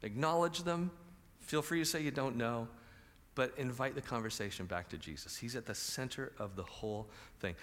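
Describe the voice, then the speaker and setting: A man's voice: medium pitch, normal speed, fairly bright tone. A man preaching a conversational sermon and asking the audience questions. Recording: reverberant large hall.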